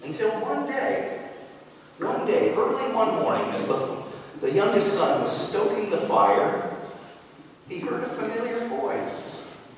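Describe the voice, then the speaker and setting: A pastor tells a parable with dramatic pacing during a sermon. He speaks slowly and a touch high. The sound is a big church sanctuary echo, picked up from far away with a faint hiss. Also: big pitch swings. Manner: dramatic storytelling. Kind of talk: sermon storytelling. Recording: echoey hall from far off.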